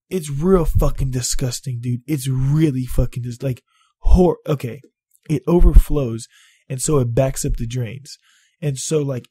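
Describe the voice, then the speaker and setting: Husky, animated man telling a story. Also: fairly high pitch. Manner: animated, swears a lot, exaggerates. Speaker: vlogger. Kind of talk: casual profane storytelling.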